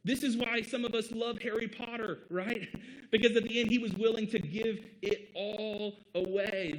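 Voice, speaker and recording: A man's voice: sits high, a little hiss or hum, poor audio. A man from the American Midwest preaching a sermon as pastor in an earnest, conversational way, with short laughs between points. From Midwest United States.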